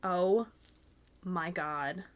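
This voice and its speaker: A young woman hosting a crafting podcast, gushing and gasping excitedly as she unboxes handmade gifts. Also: on the low side. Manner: gushing, gasping, swears mildly, fast bursts of excitement. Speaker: podcast host.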